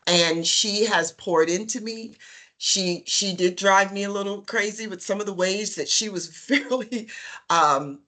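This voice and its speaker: A woman on a panel, telling her career story in a lively, chatty way with many ums and acted-out quotes. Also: medium pitch, measured pace. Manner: lively storyteller, acts out what others said; chatty, with frequent um and uh. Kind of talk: personal storytelling in a webinar panel.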